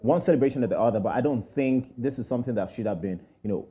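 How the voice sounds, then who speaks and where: Mellow, hesitant man chatting. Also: mid-range voice, very fast. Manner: hesitant, many fillers, opinionated. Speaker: co-host. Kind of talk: casual panel chat.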